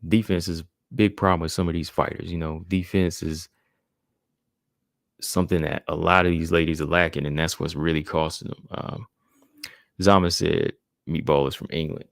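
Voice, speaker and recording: A man with a low, gravelly voice talks through fight results in a loose, easygoing way, leaning on "man" and "you know" as he goes. The sound is close and dry, with no room around it. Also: normal speed, no room sound. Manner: laid-back, fills with "man" and "you know". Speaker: podcast host. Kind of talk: casual fight-recap commentary.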